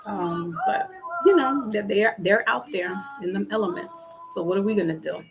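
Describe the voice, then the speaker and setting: A woman's voice: medium pitch, very animated, normal speed, vocal fry, soft background music, rough recording. A middle-aged woman hosting a casual livestream chat, laughing often and acting out quotes in her stories. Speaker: livestream host. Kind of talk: casual chat with live viewers.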